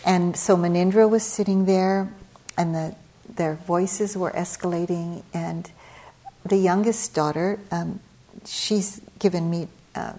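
A woman's voice: on the low side, fairly even intonation, takes it slowly, warm tone. A middle-aged woman, a meditation teacher, telling a personal story in a conversational dharma talk, with frequent fillers and a livelier lilt when she acts out scenes.

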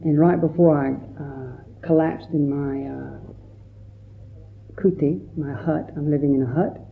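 A man, a Buddhist monk, giving a gentle, reflective dharma talk and telling stories with quoted voices. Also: on the high side, fairly even intonation, measured pace, vocal fry, slight background noise. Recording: tinny phone-like recording.

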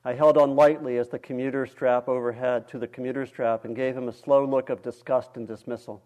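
A male meditation teacher reading a story aloud during a dharma talk, in a calm, measured way. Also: medium pitch.

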